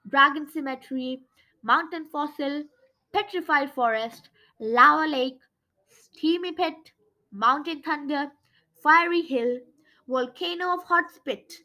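A woman reads a children's storybook aloud in an animated, dramatic way. Her voice is high and bright, and her pitch swings widely from line to line. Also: low-quality recording. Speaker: storybook reader. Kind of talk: expressive children's book narration.

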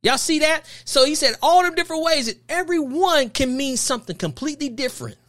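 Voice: high-pitched, animated, fast talker, a bit bright. A podcast host delivering an emphatic, preachy opinion monologue full of rhetorical questions and repeated phrases.

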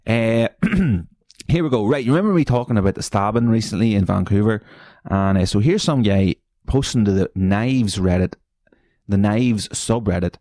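Sweary man with a low voice. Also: moderate pace, warm tone, dry recording, studio quality. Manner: sweary, mocking, laughs often, jumps into high silly voices. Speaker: podcast host. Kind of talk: solo podcast commentary reading online posts.

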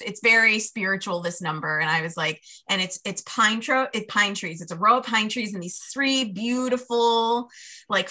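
A woman's voice: mid-range voice, sharp tone. A woman working as a life coach, telling a personal story in a podcast conversation and acting out her inner dialogue with laughs.

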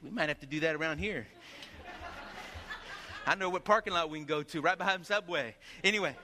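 A pastor preaching a sermon, telling stories in an animated way and acting out the voices of the people in them. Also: male voice, a little high, brisk, big-room sound, a little hiss or hum.

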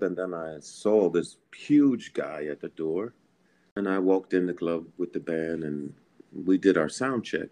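A man from Philadelphia, a guest musician, telling a personal story in a podcast interview from home, earnest and animated, chuckling and repeating words. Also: low voice. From Philadelphia, USA.

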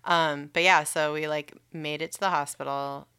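A woman's voice: deep voice, normal speed, clear, resonant tone. A young woman in casual chat, telling a story with lots of swearing and fillers. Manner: swears freely, animated storytelling with many fillers. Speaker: podcast guest telling a birth story.

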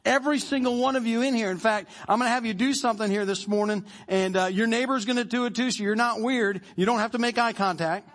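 A man's voice: extremely high pitch, fast, hardly any pauses, a bit bright. A male pastor preaching a sermon to his congregation in a joking, conversational way, prompting them to answer back. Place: church service before a congregation.

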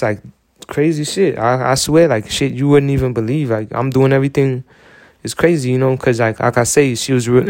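Young male podcaster, smooth dry voice, rambling, profane, filler-heavy monologue. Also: medium pitch, no room sound. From United States. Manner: rambling, repeats filler phrases, swears often. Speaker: podcast host.

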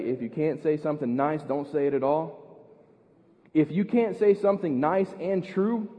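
An American man preaching a sermon as pastor, earnest, repeating words and building to loud emphasis. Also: on the high side, big-room sound, lo-fi sound. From United States. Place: church.

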